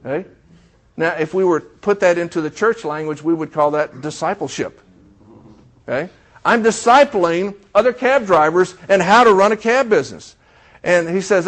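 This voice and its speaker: A man's voice: on the high side, animated, moderate pace, long pauses. A middle-aged man preaching a sermon, telling a story and acting out the dialogue while asking the congregation questions. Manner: storytelling, acts out quoted dialogue. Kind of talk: sermon illustration.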